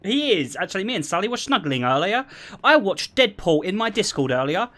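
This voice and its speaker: Animated, high-voiced young man. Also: brisk. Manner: animated, laughing storyteller. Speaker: streamer. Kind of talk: casual chat.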